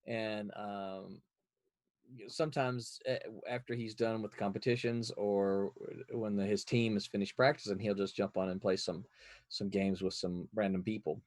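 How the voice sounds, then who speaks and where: A man's voice: on the low side, steady tone, moderate pace, a little mellow, dry recording. A man hosting a casual stream chat, speaking with many hesitations and fillers. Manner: hesitant, filler-heavy, chuckling.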